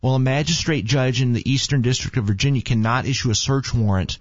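A man's voice: medium pitch, fast talker, no room sound. Rambling joking man, dull lo-fi sound. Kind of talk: casual chat.

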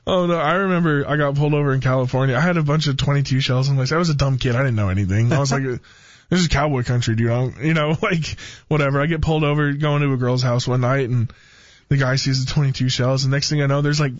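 A young man in a casual chat, telling animated stories and acting out quotes, with a lot of dude and bro. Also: medium pitch, quick pace, no room sound. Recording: dull, muffled sound.

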